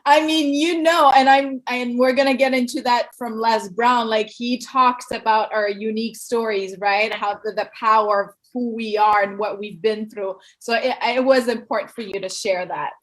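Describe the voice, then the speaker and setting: A woman's voice: fairly high pitch, fairly even intonation, normal speed, few pauses, poor audio. A woman hosting a live-stream show, bubbly and effusive, greeting viewers and reading their comments aloud. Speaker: host.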